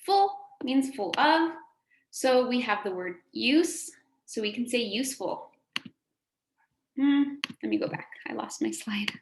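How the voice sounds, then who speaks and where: Drawing out words so the kids can echo them, a female teacher gives a phonics lesson in a slightly high, animated voice, moving a little slowly. The sing-song, encouraging recording has room echo and some faint background noise.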